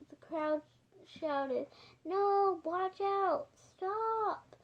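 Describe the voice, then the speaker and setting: A woman reading a children's storybook aloud, halting now and then and correcting herself. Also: high voice, darkish tone. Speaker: audiobook reader.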